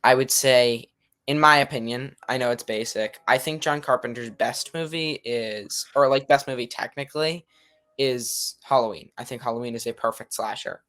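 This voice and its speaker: A man's voice: medium pitch, moderate pace, fairly bright tone. A young man co-hosting a podcast, giving casual film opinions with plenty of ums and hedges. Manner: hedging, lots of ums and qualifiers. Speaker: podcast co-host.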